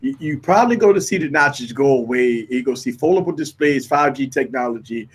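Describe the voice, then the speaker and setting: A man, hosting a relaxed livestream chat and joking with his co-hosts, often repeating himself. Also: medium pitch, brisk, breathy edge. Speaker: host.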